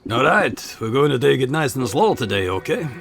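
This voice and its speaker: A man playing a gravelly, steady mountain guide in a game, firm and instructive as he leads a newcomer. Soft game music sits underneath. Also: mid-range voice, moderate pace, voice pushed up. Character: gruff middle-aged male mountain guide and trainer.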